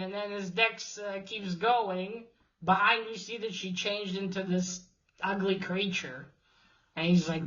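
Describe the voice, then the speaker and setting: A woman talks through a comic's plot in a slow, unhurried way, trailing off and circling back as she goes. She swears casually and fills gaps with "uh" and "like." The recording sounds a little dull and lo-fi. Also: mid-range voice, fairly even intonation, fairly bright tone. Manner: rambling, swears freely, many restarts and fillers. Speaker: comic review host.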